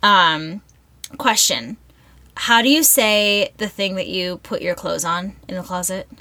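A young woman co-hosting a podcast, chatting casually and animatedly, opinionated and quick to laugh. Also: fairly low pitch, pushed and bright, no room sound. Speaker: podcast co-host. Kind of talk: casual chat.

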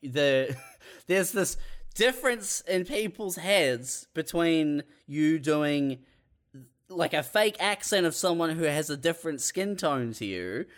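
A man's voice: on the high side, lively intonation, slow pace, a bit bright. A man co-hosting a casual comedic chat, arguing his point with frequent swearing. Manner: argumentative, swearing, laughing.

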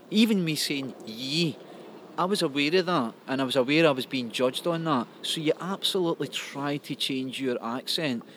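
A man with a Glaswegian accent, answering questions at an outdoor market. He talks haltingly, repeating words and restarting. Faint background noise sits behind him. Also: mid-range voice, fairly bright tone. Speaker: interviewee at a market. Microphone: handheld interview mic.

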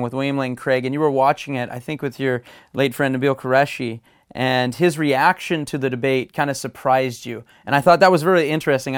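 Smooth-voiced male host, rambling question. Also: mid-range voice, no echo, studio quality. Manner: hesitant, rambling. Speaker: podcast host. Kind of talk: interview questions.

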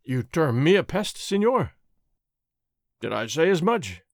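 A man's voice: a little high, sing-song, dry recording, clean studio sound. Don Diego, a man reading a languid ironic nobleman. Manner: drawling, mildly mocking, unhurried. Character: gentle, languid young nobleman, lazy and ironic. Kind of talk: audiobook character reading.

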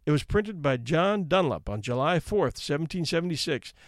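A man's voice: fairly high pitch, expressive, normal speed, no room sound, studio quality. A man reading out anecdotes in a wry, conversational storytelling manner. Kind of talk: casual read-aloud narration.

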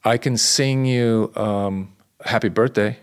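A man's voice: fairly low pitch, fairly even intonation, takes it slowly, smooth. A man talking as a guest in a casual chat, telling stories in a chatty way with playful bursts of energy.

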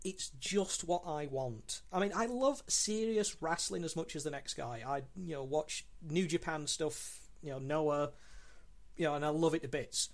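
A man's voice: on the high side, normal speed. Enthusiastic male podcast guest. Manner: enthusiastic with frequent ums and restarts. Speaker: guest co-host. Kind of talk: casual podcast discussion.

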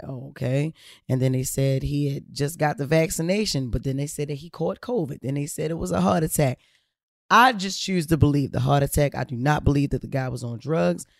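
A man's voice: medium pitch, vocal fry, dry recording, studio quality. A man hosting a podcast, talking bluntly and profanely in a casual monologue. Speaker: podcast host.

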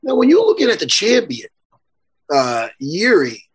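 A man hosting a casual interview, loud, joking and swearing a lot. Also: high voice, wildly swooping pitch, unhurried, husky. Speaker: host.

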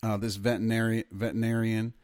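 Casual, swearing podcast guy, low voice. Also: flat delivery, fast talker, darkish tone, no room sound. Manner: loose, profane, laughs often. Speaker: podcast co-host. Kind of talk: casual news chat.

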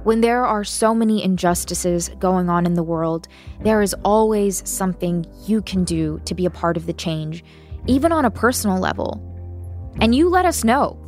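Woman, podcast host, sincere scripted outro, soft music underneath. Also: mid-range voice, moderate pace.

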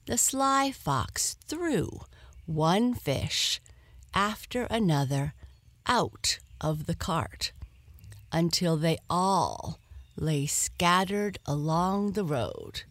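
A woman reading a children's story aloud in an expressive, animated way. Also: lowish voice, extremely slow, no room sound.

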